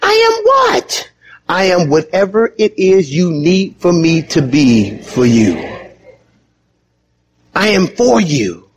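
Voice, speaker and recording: Animated, chatty preacher man. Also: slow pace, slightly rough. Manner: animated, conversational preaching with sudden high emphatic bursts and chuckles. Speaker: pastor. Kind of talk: sermon.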